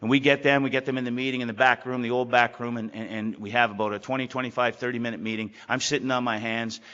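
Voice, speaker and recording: A man's voice: medium pitch, fairly even intonation, fast, pushed and bright. A middle-aged man giving a candid, rambling personal talk at a recovery meeting, often repeating his words. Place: meeting hall. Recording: lo-fi hall recording.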